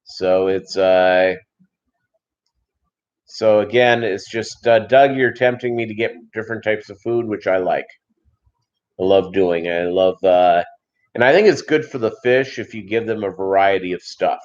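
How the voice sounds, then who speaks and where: A man with a fairly low voice talks loosely on a live stream about his fish, rambling and filling gaps with fillers. The sound is dull and lo-fi. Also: measured pace. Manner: relaxed, rambling, many fillers. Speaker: fish-keeping channel host. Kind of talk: casual live-stream chat.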